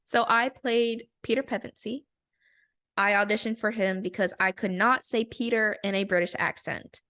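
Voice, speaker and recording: A young woman co-hosting a podcast, chatting casually and telling animated stories with frequent giggles. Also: medium pitch, moderate pace. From rural area. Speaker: podcast co-host. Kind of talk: casual chat.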